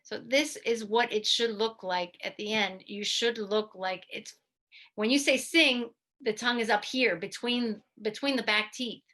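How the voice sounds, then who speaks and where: A woman physical therapist giving an instructional talk, lively and demonstrating goofy mouth sounds as she teaches. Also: a little high, unhurried. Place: video presentation to a study club.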